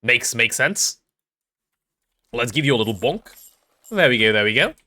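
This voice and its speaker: A young English man casually chatting on a gameplay livestream, reading chat aloud and joking, quick to apologize. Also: mid-range voice, big pitch swings, bright, forceful tone. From England.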